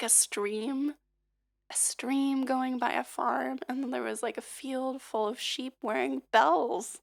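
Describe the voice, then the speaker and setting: A hoarse-voiced woman from the United States, a singer and livestreamer, chats casually while leading a vocal warm-up. She rambles with lots of fillers and little laughs, and her voice is high.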